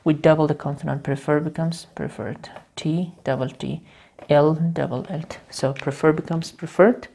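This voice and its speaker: A woman's voice: low voice, fairly even intonation, gravelly, dark tone. A woman teaching English grammar in a video lesson. She repeats key words over and over and explains step by step, with frequent restarts. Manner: halting, with restarts and fillers while explaining.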